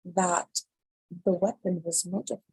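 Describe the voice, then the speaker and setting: A woman's voice: on the low side, steady tone, a little slow, slightly rough, no echo, rough recording. A woman hosting a live show, chatting about the news and reading headlines aloud with an incredulous, chatty manner. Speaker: host. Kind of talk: casual news commentary livestream.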